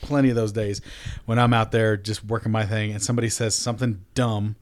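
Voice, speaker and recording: A man's voice: on the low side, level tone, brisk, a little hiss or hum. A man in casual podcast chat who restarts often as he builds up his point.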